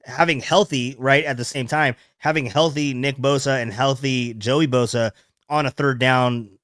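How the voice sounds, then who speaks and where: A man's voice: medium pitch, steady tone, fairly bright tone, no echo, studio quality. A young man hosting a casual sports podcast, telling stories with frequent laughs. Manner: laughing, storytelling, quick asides. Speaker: podcast host.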